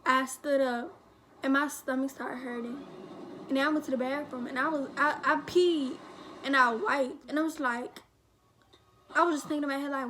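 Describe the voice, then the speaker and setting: High-voiced young woman telling a rambling story. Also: fairly even intonation, normal speed, pushed and bright, slight background noise. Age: teens. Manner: rambling, slangy, frequent "like" and quoted dialogue. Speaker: vlogger. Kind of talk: storytime, casual retelling.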